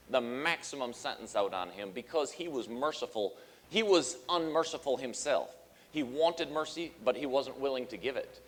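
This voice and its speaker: A man's voice: medium pitch, fairly bright tone, in a large hall. A man preaching a sermon as pastor, talking conversationally with many fillers and acting out the quotes he tells. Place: church sanctuary.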